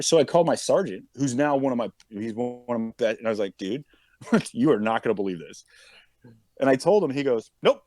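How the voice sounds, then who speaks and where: Man telling a story, animated and dry-sounding. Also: medium pitch, a little fast, dry recording. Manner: animated, acts out quotes of others. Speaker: podcast guest, police officer. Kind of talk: casual storytelling.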